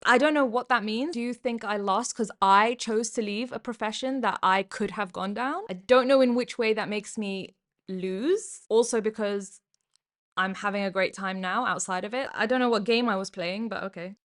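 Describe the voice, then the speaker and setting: A woman's voice: medium pitch, moderate pace, fairly bright tone. Amused chatty British woman. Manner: amused, laughs often, chatty. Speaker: YouTuber and former doctor. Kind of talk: casual reaction vlog, reading comments aloud.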